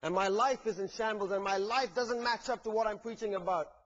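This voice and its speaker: A man with a fairly high voice preaches a sermon, earnest and heartfelt. He swings between fervent, ringing peaks and hushed, soft passages. The recording is dull and lo-fi. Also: a little fast. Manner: earnest, rising to fervent climaxes then dropping soft.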